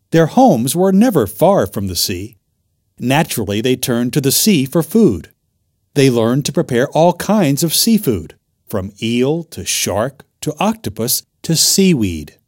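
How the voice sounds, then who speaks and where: A man reading a textbook chapter aloud in a clear, measured narration. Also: mid-range voice, a little mellow, dry recording, studio quality.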